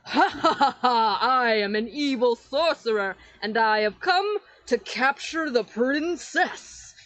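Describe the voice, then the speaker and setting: A woman voicing a gloating shadow sorcerer in a tabletop game, with loud, hammy villain boasting. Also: a little high, expressive, slow pace, no echo, voice pushed up.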